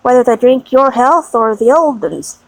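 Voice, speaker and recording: A woman voicing a gruff, deferential working-class man in an audiobook reading. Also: on the high side, normal speed, no room sound, close to an everyday voice, low-quality recording.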